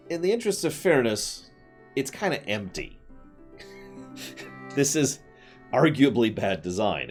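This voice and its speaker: A male streamer talks over a video game with a low voice that swings up and down with enthusiasm. He's chatty and full of opinions. Faint game music plays underneath. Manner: animated, chatty, opinionated asides. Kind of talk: game commentary.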